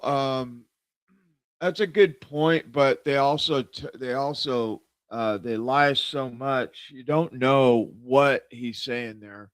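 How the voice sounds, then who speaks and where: A man's voice: medium pitch, fairly bright tone, no room sound. A man hosting a live stream in casual chat, rambling with many fillers and self-corrections. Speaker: host of a live show.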